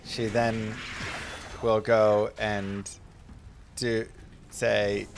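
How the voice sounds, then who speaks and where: Gravelly-voiced man streaming a game. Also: fairly low pitch, expressive, moderate pace, a little hiss or hum. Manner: chatty, storytelling about family between game tips. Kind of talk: casual gameplay commentary.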